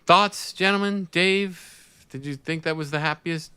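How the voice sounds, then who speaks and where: Podcast host, male, smooth and crisp, dry close sound, calls on guests by name. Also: fairly high pitch, measured pace, bright, forceful tone, no room sound. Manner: steers the talk, calls on each guest by name. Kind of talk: casual film discussion.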